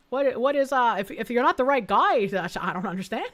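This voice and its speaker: A woman's voice: a little high, lively intonation, brisk, fairly bright tone. A woman giving blunt, sarcastic reaction commentary as a streamer, swearing freely.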